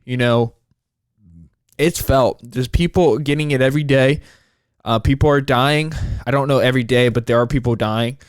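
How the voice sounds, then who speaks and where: A young man in his twenties talks through a solo podcast episode, frustrated and rambling, with frequent swearing. His voice is smooth and clear at a middling pitch. The sound is dry and close. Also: moderate pace, no room sound. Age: 20s. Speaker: podcast host.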